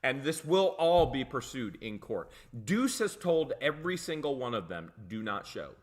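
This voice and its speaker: A man's voice: medium pitch, big pitch swings, normal speed. A man co-hosting a livestream, talking casually with sarcastic, mocking asides. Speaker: co-host of a livestream.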